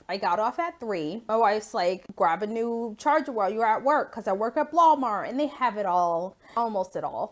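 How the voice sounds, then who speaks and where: A young woman vlogging into her phone at home, telling a story in a casual, animated way, swearing freely and acting out what people said. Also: on the high side.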